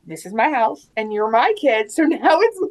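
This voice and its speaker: Animated, laughing mom in casual chat. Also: female voice, on the high side, normal speed. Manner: animated, laughs often, acts out quotes. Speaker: guest mom.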